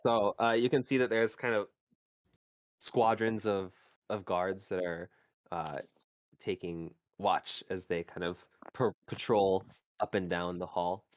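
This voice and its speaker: Game-mastering a tabletop game on a live stream, a man narrates the scene, halting and searching for his words. His voice is low and steady, with no echo.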